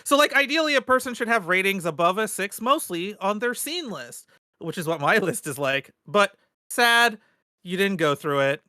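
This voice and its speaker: A man co-hosting a podcast, reading a listener letter aloud in an animated, emphatic way. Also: high voice, normal speed, no echo, studio quality. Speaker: podcast co-host.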